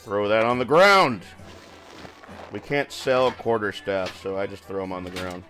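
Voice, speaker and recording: Brief: low-voiced male streamer, loose and apologetic, faint game music behind. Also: unhurried, a bit bright. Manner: rambling, apologetic, filler-heavy. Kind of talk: casual gaming stream chat.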